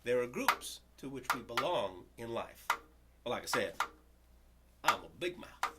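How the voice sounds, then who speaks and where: A man from the United States performs a story poem aloud, his pitch leaping and dipping as he tells it. He talks loudly and expressively, and a heavy noise bed sits under the whole recording. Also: a little slow. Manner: animated, loud and expressive storytelling. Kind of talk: spoken-word story poem. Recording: loud background noise.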